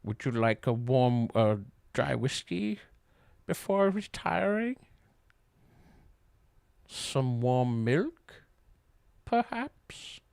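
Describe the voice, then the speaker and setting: A man putting on the slow, theatrical voice of a creepy old female housekeeper. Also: medium pitch, big pitch swings, gravelly, a little mellow, smooth, no room sound, studio quality, full character voice. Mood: ominous.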